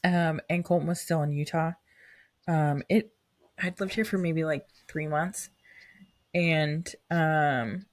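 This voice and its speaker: A woman's voice: deep voice, slow, no room sound. Dry-sounding young woman telling rambling stories. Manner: rambling storyteller, many fillers. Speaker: podcast co-host. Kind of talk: casual chat. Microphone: remote recording.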